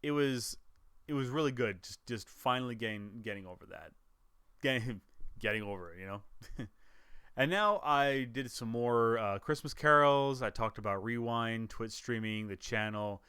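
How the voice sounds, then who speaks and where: A man's voice: medium pitch, moderate pace, bright, forceful tone, clear, resonant tone, no room sound, clean studio sound. A man, a gaming YouTuber, chatting casually to camera about his year, rambling with restarts and chuckles.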